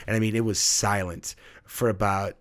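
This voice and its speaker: A young man with a fairly low voice, chatting casually as a guest. He tells stories about his classroom and acts out what his students said. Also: moderate pace. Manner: animated storyteller who acts out students in high voices. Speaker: middle school teacher, guest. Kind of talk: casual storytelling chat.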